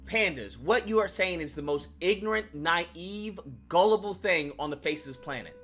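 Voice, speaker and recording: A man's voice: high voice, expressive, moderate pace, a bit bright. A man hosting his own channel, delivering an emphatic, profane commentary rant and repeating lines for effect.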